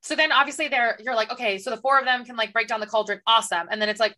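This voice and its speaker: A young woman co-hosting a podcast, venting about a book in quick, exasperated casual talk and acting out the characters' lines. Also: fairly high pitch, steady tone, pushed and bright. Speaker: podcast co-host.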